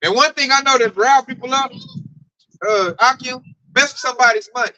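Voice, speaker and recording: A man telling animated work stories in a casual chat, acting out his coworkers. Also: very high-pitched, a little fast, dry recording, poor audio. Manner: animated, acts out coworkers' voices. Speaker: speaker at a group discussion.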